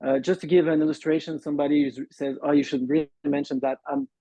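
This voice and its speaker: Speaking over a muffled call, this man from Montreal, Canada, whose first language is French, shares his recovery story as a guest in an interview. His voice is fairly high with a dark tone and flat delivery, and the lo-fi call audio is dull and dry with no room sound. He's earnest and halting and acts out the quoted dialogue.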